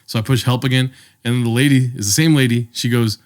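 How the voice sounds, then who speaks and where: Young man, podcast co-host, casual storytelling, animated, swears a lot, voices other people. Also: mid-range voice, quick pace. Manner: animated, swears often, acts out voices in his stories.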